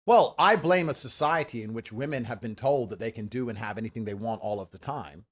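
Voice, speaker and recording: A man ranting forcefully and profanely in a heated podcast debate. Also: mid-range voice, brisk. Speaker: podcast guest.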